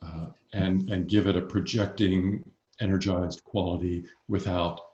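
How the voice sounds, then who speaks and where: Deep-voiced guy, voice coach, calm and slow, roomy dull-sounding audio. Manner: calm, explains slowly with pauses. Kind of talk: expert advice in a conversation.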